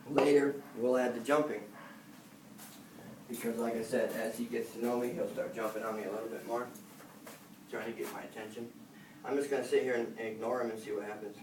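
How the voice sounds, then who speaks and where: A man working as a dog trainer, explaining the training casually while he works, relaxed and rambling with many fillers. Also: medium pitch, fairly quick, long pauses. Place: indoor dog facility. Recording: roomy, distant camera sound, noisy.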